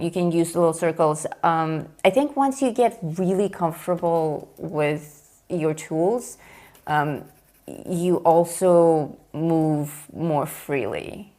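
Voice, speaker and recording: A woman's voice: low-pitched, darkish tone. A middle-aged woman hosting a live coloring show, chatting casually and explaining her technique while she draws, laughing easily. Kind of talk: casual chat while drawing.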